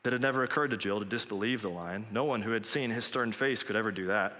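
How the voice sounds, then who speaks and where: Preacher guy talking straight to the congregation, bright voice, lowish, long church echo. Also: fast talker. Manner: earnest, direct, conversational. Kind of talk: sermon.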